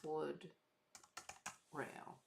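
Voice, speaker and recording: A woman's voice: extremely slow, background noise. A woman photographer chatting casually as she edits her photos, muttering names to herself between chatty asides. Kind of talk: casual chat while working.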